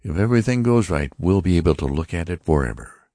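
Narrator as jittery young man, quick and pressing, very deep voice, close dry read. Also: animated, warm tone, dry recording. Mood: nervous. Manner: hurried, nervous. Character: young man, nervous and hurried.

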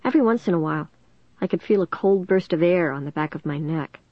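A woman with a fairly low voice reading a first-person children's story aloud, lively and expressive. The track is dry and close, with a slightly dull, lo-fi tone. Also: fast talker, no echo. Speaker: audiobook narrator.

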